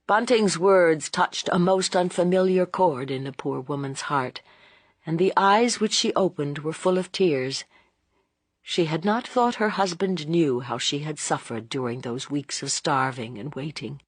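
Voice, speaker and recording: A woman narrating a classic novel as an audiobook, in a measured, expressive storytelling voice. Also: low voice, dry recording. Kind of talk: scripted narration.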